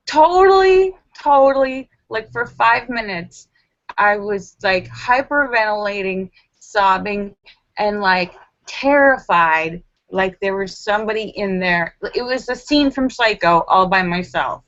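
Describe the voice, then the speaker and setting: A woman hosting a casual live stream from home, telling stories in a rambling way with lots of fillers and restarts, and acting out her own frantic self-talk in sudden high squeals. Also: lively intonation, measured pace, fairly bright tone, dry recording. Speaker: livestream host. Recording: dull lo-fi sound.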